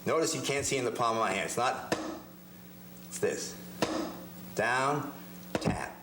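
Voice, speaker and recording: A man's voice: medium pitch, lively intonation, a little slow, echoey room, background noise. A man giving a hands-on drum lesson, explaining technique step by step and often repeating words as he demonstrates. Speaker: drum teacher. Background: drum hits between phrases.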